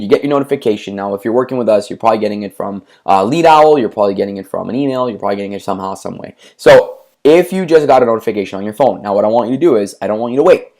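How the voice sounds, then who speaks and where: A man's voice: mid-range voice, a little mellow. A man coaching business owners, speaking emphatically in repeated lists of instructions, with frequent stammered restarts. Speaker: marketing coach for martial arts schools. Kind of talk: instructional talk to school owners.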